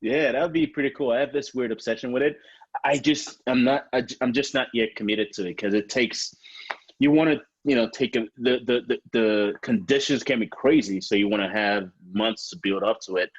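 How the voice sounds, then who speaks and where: A man with a Nigerian accent hosts a relaxed, friendly chat, asking easygoing questions in a slightly husky voice. The recording sounds somewhat muffled and lo-fi. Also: mid-range voice, normal speed, dry recording. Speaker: podcast host. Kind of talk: casual podcast interview.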